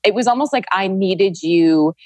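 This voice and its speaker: A woman's voice: mid-range voice, moderate pace, darkish tone, no echo. A woman guest on a podcast, talking earnestly and reflectively about energy and feeling safe. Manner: earnest, reflective, spiritual wording. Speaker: podcast guest, Reiki practitioner. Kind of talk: casual podcast conversation.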